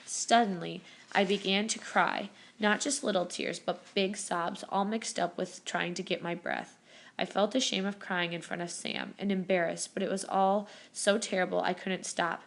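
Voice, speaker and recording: A woman's voice: mid-range voice, moderate pace, vocal fry. Woman reading a novel aloud. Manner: steady reading with small self-corrections. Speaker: reader. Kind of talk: audiobook narration.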